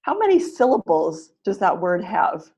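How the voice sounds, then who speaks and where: A woman's voice: on the low side, very animated, moderate pace, dark tone, husky. Encouraging woman teaching a webinar. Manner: encouraging, leads drills and clapping exercises; repeats and restarts phrases. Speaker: webinar facilitator, pronunciation teacher.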